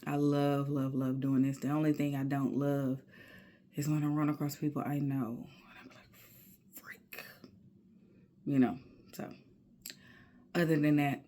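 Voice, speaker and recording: A woman talking to her camera in a personal video journal, slow and reflective, often dropping into soft near-whispered asides between casual fillers. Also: deep voice, flat delivery. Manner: casual, with many fillers and spiritual musing. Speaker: video diarist.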